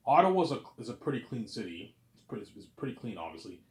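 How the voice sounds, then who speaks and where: A man's voice: mid-range voice, sing-song, quick pace, a little mellow, echoey room. A man from Canada talking in a rambling, repetitive casual monologue, swearing offhandedly and often asking "you know what I'm saying". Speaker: vlogger.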